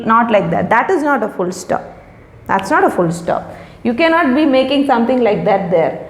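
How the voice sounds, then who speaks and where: A woman's voice: a little high, very animated, moderate pace. A middle-aged woman teacher, patiently sounding out and explaining words for young children. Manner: patient, repeats and explains each word. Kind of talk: recorded lesson for young children. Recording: echoey room.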